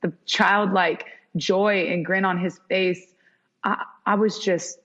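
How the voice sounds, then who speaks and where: On a dull, lo-fi podcast recording, a young woman who once played pro soccer as a goalkeeper tells stories in a casual guest interview. She takes her time in a mid-range voice and animatedly acts out the dialogue she quotes.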